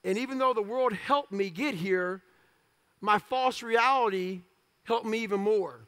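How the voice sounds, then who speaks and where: A man's voice: high voice, a little slow, fairly bright tone. A man giving a motivational speech, telling his story in blunt, clipped phrases with profanity and self-mocking humor. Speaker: motivational speaker.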